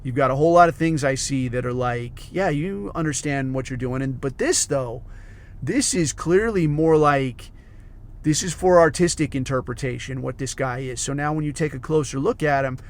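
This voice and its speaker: A man's voice: mid-range voice, normal speed. A man hosting his own podcast, telling a long rambling story full of swearing and fillers. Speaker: podcast host. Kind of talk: casual rambling monologue.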